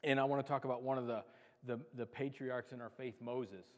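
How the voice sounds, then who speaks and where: A man's voice: mid-range voice, fairly even intonation, fairly quick. A man preaching a casual sermon, chatty and self-deprecating, cracking jokes as he talks. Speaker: pastor. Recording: long reverb of a large hall.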